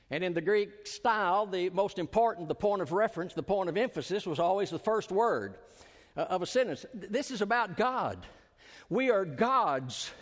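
A male pastor preaches a sermon, lifting his voice for emphasis and letting it fall low and slow as phrases end. A long hall reverb surrounds the recording.

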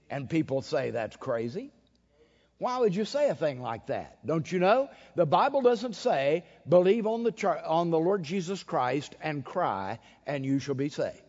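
Male preacher with a fairly high voice, emphatic storytelling delivery, recorded lo-fi in a reverberant hall. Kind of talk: sermon. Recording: dull lo-fi sound with long hall reverb.

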